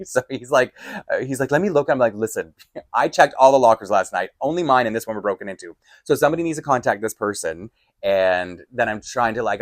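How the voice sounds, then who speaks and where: A man recounts a personal ordeal in a casual vlog, swinging between hushed asides and sudden loud bursts of exasperation. He speaks close to the mic in a dry, dead room at a mid pitch. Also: no echo. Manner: animated, exasperated storytelling with sudden loud outbursts. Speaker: vlogger telling a story.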